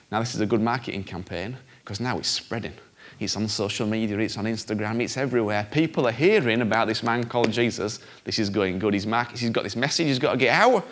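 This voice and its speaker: A man preaching a sermon in a conversational, animated way, acting out voices with big jumps in pitch.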